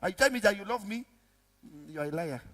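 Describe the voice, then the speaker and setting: A pastor preaching a sermon, acting out dialogue with sudden shouts and low mutters. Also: male voice, quick pace. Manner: animated preaching, acts out dialogue, big swings from shouts to mutters. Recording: reverberant hall with music behind.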